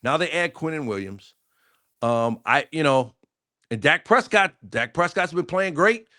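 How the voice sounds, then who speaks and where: A man's voice: on the high side, lively intonation, a little slow, pushed and bright. A man co-hosting a sports talk show, debating football casually and thinking aloud with frequent restarts.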